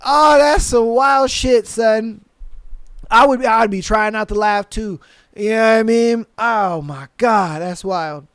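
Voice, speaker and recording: A man's voice: sits high, takes it slowly, fairly bright tone, clean tone, no room sound, studio quality. A man hosting a podcast, reading stories aloud and reacting with slangy, laughing commentary. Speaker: podcast host.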